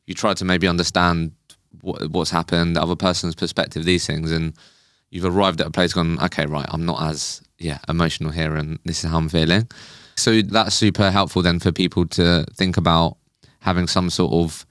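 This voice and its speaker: A man's voice: low voice, little pitch movement, normal speed, fairly bright tone, dry recording, clean studio sound. A man hosting a podcast in casual conversation, thinking aloud and summing up his guest's points with many fillers. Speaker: podcast host.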